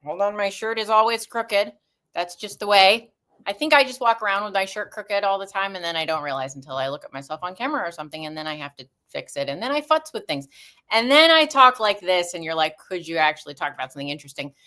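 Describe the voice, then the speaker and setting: A woman's voice: mid-range voice, lively intonation, quick pace, fairly bright tone. A middle-aged woman hosting a live stream, chatting casually in a rambling, stream-of-consciousness way into a camera mic.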